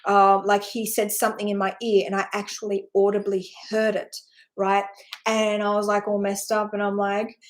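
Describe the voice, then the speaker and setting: A woman's voice: medium pitch, completely flat delivery, moderate pace. A woman giving a personal spiritual talk, telling her story in a heartfelt, rambling way with sighs, often checking in with "right?". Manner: earnest, emotional storytelling with sighs. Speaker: spiritual teacher.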